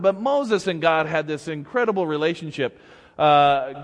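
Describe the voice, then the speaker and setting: A man's voice: high-pitched, long reverb tail. A man preaching a sermon as pastor, conversational and humorous, acting out scripture stories. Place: church sanctuary.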